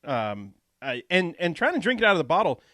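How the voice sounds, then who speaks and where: A man hosts a podcast, telling stories in a relaxed way, full of "uh" and "like". His voice sits a little high for a man. The mic sound is close and dry. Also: a little fast, no room sound. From Atlanta area, US. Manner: laid-back, storytelling, drawling fillers. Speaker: podcast host. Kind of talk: casual podcast chat.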